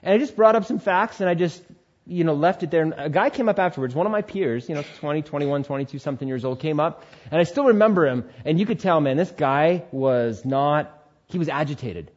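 A man giving a spoken testimony in a sermon style, telling his story in an animated way and acting out the voices in it. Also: fairly high pitch, a little fast, dull audio. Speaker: speaker sharing testimony.

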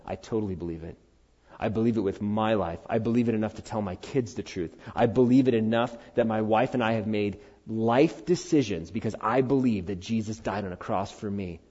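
A middle-aged male pastor delivers an earnest sermon, climbing into loud, high-pitched emphasis and then sinking to quiet, low conviction. His voice sits fairly low. The recording is slightly dull and lo-fi. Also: a little fast, breathy edge. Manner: earnest, animated preaching that rises loud then drops low.

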